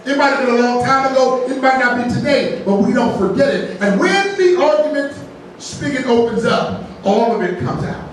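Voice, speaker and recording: A man's voice: very high voice, animated, moderate pace. A man preaching a folksy sermon as pastor, mixing jokes into the teaching and often asking "right?". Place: large church sanctuary. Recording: very echoey church, distant mic, faint noise.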